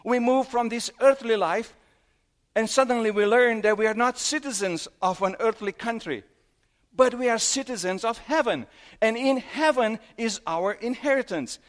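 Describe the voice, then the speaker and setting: High-voiced male preacher, questioning. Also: normal speed. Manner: questioning, retelling scripture with quoted dialogue. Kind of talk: sermon.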